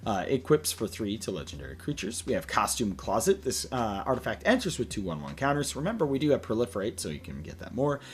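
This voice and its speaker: A man's voice: on the low side, fast, hardly any pauses. Tired man reading card text aloud. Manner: relaxed, lots of "uh" fillers, reads card text aloud. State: tired, late at night. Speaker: deck tech host. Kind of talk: casual card-by-card walkthrough.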